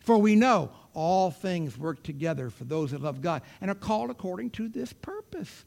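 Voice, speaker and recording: A male preacher delivering a sermon in a high, lively voice that soars and falls. He moves between loud, emphatic declarations and sudden hushed whispers. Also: moderate pace, gravelly.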